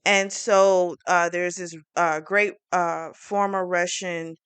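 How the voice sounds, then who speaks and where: A woman reviewing a book series, retelling the plot in a chatty, animated way with plenty of fillers. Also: lowish voice, slow pace, smooth, no echo.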